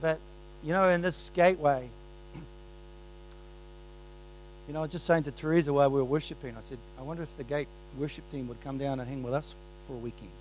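Excitable New preacher, slightly high voice. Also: male voice, brisk, long pauses, a little hiss or hum, rough recording. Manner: exuberant, swings between soft asides and loud bursts. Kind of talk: sermon. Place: church.

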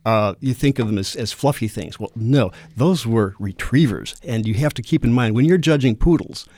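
A man who is a kennel club president and dog show judge, talking through judging points in a casual radio interview, measured and full of small fillers. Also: medium pitch, a little mellow, no echo. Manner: measured, explanatory, with frequent fillers.

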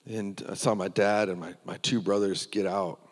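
A man's voice: lowish voice, fairly even intonation, normal speed, in a large hall. A man preaching, telling his personal testimony in an earnest storytelling way.

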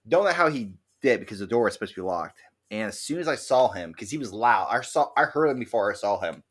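A man co-hosting a podcast, telling animated stories in casual chat and swearing freely. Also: fairly low pitch, fast, breathy edge. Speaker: podcast co-host.

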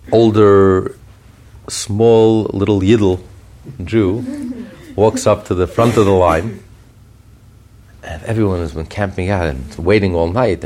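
A man, a rabbi, preaching a sermon with animated, repetitive emphasis and storytelling. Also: deep voice.

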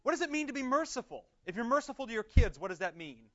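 A man, a pastor, teaches a Bible class in a lively, conversational way, putting questions to the group and slowing down to read prayers aloud. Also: extremely high pitch. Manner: lively, conversational, asks questions and answers them. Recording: dull lo-fi recording.

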